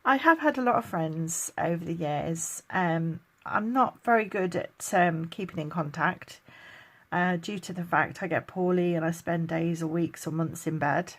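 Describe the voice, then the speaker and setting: A woman's voice: fairly low pitch, a little slow, fairly bright tone. A middle-aged woman from England, chatting casually through a question list, laughing often and getting emotional at times. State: tired, chronically ill. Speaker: vlogger. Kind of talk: casual get-to-know-me Q&A.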